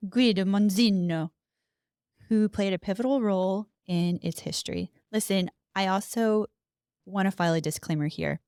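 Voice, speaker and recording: A woman's voice: mid-range voice, normal speed, darkish tone, clear, resonant tone, no echo, studio quality. A woman co-hosting a casual podcast, reading history notes aloud with chatty asides. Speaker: podcast co-host.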